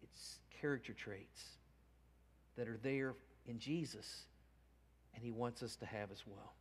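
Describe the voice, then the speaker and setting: A man's voice: mid-range voice, a little slow, breathy edge. Earnest male pastor preaching a sermon. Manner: earnest, swelling from hushed to emphatic. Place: church sanctuary. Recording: long church reverb.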